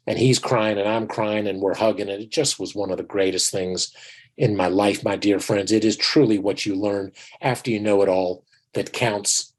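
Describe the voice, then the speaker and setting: A man's voice: lowish voice, steady tone, normal speed, rough recording. A man in his sixties, a dentist giving an online lecture in a folksy, earnest manner, often calling his listeners his friends. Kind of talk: online lecture with personal stories.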